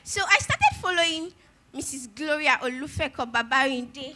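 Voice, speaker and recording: A young woman with a Nigerian accent, a student giving a halting, emotional tribute speech, close to tears. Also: high voice, sharp tone, a little hiss or hum. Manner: emotional and halting, with repeated restarts. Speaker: university student and fan.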